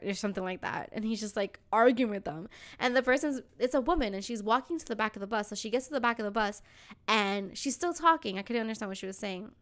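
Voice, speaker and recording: A young woman hosting a podcast, telling a story in casual chat, animated and acting out the voices of people in it. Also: a little high, quick pace. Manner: animated, acts out voices in her stories, swears casually. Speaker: podcast host.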